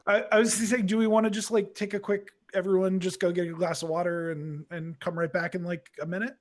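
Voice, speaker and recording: High-voiced teasing man. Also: little pitch movement, brisk. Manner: teasing, laughing. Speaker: game-night guest player. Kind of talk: casual chat among friends.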